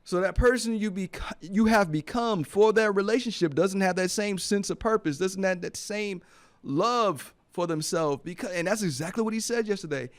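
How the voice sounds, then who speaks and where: Hosting a motivational radio talk show from the studio, this man talks at a normal speed in a voice that sits high. His delivery is heartfelt and earnest, and he leans on repeated phrases to drive points home.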